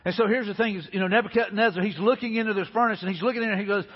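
Husky high-voiced preacher. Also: male voice, fairly even intonation, rapid-fire, big-room sound, muffled recording. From Alabama, US. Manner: earnest, repetitive, conversational preaching. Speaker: pastor. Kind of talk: sermon. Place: church sanctuary.

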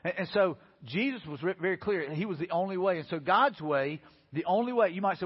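A middle-aged man, preaching a sermon as pastor, animated and telling stories with quoted dialogue. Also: high voice, quick pace, slightly rough. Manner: animated, storytelling with repeated quotes. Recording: lo-fi recording in a reverberant hall.

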